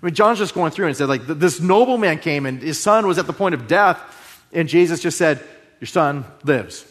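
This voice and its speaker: A man preaching a sermon, moving between loud emphasis and hushed, drawn-out phrases. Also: fairly high pitch, expressive. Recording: long hall reverb.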